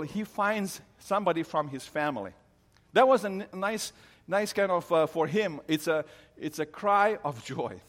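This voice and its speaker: A middle-aged man preaching, his voice sitting a little high for a man. He tells the story earnestly, often stumbling and restarting mid-phrase. His words ring out with a long reverb, as in a large hall. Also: expressive, moderate pace. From Romania. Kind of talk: sermon on a Bible story.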